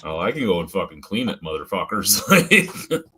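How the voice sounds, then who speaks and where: A man's voice: deep voice, sing-song, normal speed, bright, forceful tone, a little hiss or hum. A middle-aged man from the Ottawa Valley, hosting a casual live-stream chat and telling blunt, profane stories with frequent laughs. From Ottawa Valley, Canada. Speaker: podcast host.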